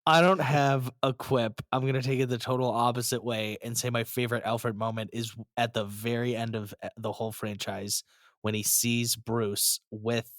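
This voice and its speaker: A man's voice: medium pitch, level tone, normal speed, a bit bright, no echo, clean studio sound. A man co-hosting a casual podcast chat, enthusiastic and emotional, often stumbling over his words. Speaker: podcast co-host.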